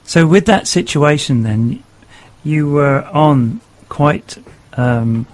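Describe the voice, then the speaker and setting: A male radio host who asks his guest halting, hesitant questions. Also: fairly high pitch, expressive. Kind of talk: radio interview.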